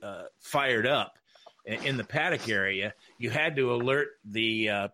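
Bright-voiced man telling racing stories. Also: medium pitch, a little hiss or hum. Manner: halting, many restarts, laughs often. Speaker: racing broadcaster. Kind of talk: casual panel chat, storytelling.

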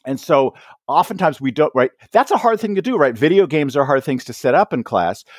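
A man speaks in a lively, swooping voice, his pitch climbing and dipping as he explains ideas to an interviewer. The sound is dry and close, with no room around it. He talks in an easy conversational way and keeps checking in with little tag questions. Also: brisk, dry recording. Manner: animated, acts out quoted voices, frequent "right?" tags. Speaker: author and education guest.

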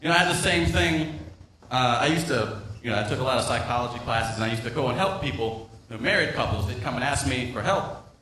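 Quick and forceful, a man's bright mid-range voice with lively intonation drives a rambling, profane open-mic stand-up set as he needles the crowd at a comedy club. The room is echoey with slight background noise, and he stands a bit far from the mic.

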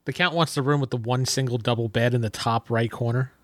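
A man's voice: mid-range voice, fairly even intonation, fast, no echo. A man playing a tabletop game, casual and joking. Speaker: player.

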